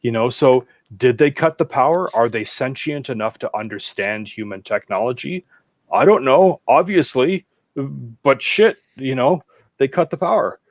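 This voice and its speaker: A man's voice: medium pitch, expressive, unhurried, dry recording, highs cut off. A male guest in a casual film chat who talks with animation and acts out lines of movie dialogue. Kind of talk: casual chat about films.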